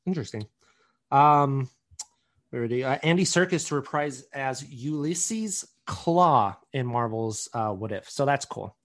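A man's voice: mid-range voice, expressive, measured pace, fairly bright tone. A young man co-hosting a podcast, reading through entertainment news in casual chat, joking and swearing often. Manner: swears a lot, jokey. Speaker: podcast co-host.

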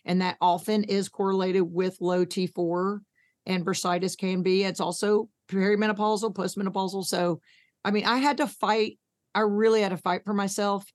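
A woman, a podcast guest telling her story in a blunt, folksy, animated way and acting out the voices in it. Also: mid-range voice, moderate pace, no room sound, clean studio sound. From Arkansas, USA. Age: 50s. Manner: animated, acts out both sides of conversations. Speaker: podcast guest, patient advocate. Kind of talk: candid storytelling interview.

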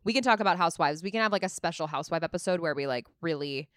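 A woman co-hosting a podcast, chatting casually and enthusiastically, jumping between quick asides. Her voice has a bright, crisp edge. The sound is close and dry. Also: on the low side, animated, no room sound. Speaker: podcast co-host. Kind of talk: casual chat.

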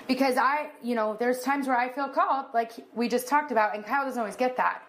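A woman's voice: high-pitched, a little fast, fairly bright tone. A middle-aged woman co-hosting a casual podcast chat, telling stories and acting out what people said. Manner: chatty storyteller who acts out quotes. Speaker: podcast co-host.

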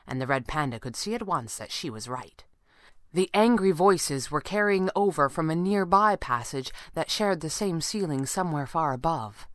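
A woman narrating an adventure story in an even, measured reading. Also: low-pitched, no room sound, clean studio sound. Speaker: audiobook narrator. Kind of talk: scripted narration.

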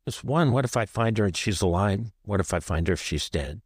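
A man's voice: fairly low pitch, animated, a little fast, breathy edge, dry recording, clean studio sound. A man from the American Southwest, an author guest on an interview show, recounting a painful personal story in short, vivid present-tense sentences.

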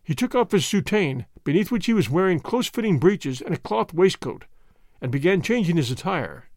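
A man narrating a novel with an expressive storytelling delivery. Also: high-pitched, moderate pace, no echo, clean studio sound. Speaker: audiobook narrator.

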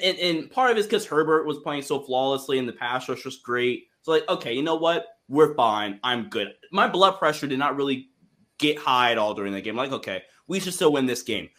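A man co-hosting a casual sports talk show, excitable and rambling, often restarting his sentences. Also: on the high side. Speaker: co-host.

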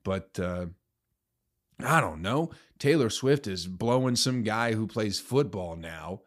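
A young man hosting a solo podcast, ranting crudely and sarcastically with profanity and sudden loud outbursts. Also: on the low side, animated, slow pace. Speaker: podcast host.

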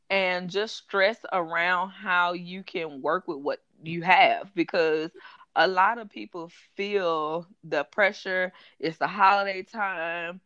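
A woman co-hosts a podcast in casual chat and tells a story with a gossipy, animated manner. Her voice sits somewhat low. The sound is dull and dry. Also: clean tone, no room sound. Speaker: podcast co-host.

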